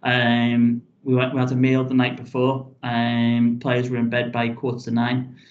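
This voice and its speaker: A man's voice: medium pitch, monotone, measured pace. A man, a football club chief executive, recounting events in a casual podcast interview, rambling and restarting his phrases with many "um"s and "you know"s. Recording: dull lo-fi audio.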